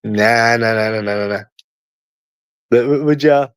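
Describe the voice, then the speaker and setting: A man's voice: mid-range voice, unhurried, clear, resonant tone, no echo. A man with a London accent in casual chat, teasing and slangy, repeating himself often. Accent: London English.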